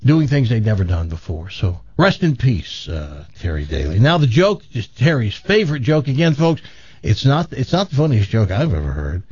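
A man's voice: mid-range voice, moderate pace, husky, no echo. A male radio host telling a long joke, acting out the characters as he goes. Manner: animated storyteller, acts out characters. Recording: dull lo-fi radio broadcast.

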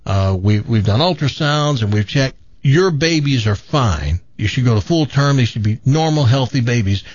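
Man playing a steady, matter-of-fact doctor, close to his natural voice. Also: mid-range voice, moderate pace, no room sound, dull audio, lightly acted. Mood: reassuring.

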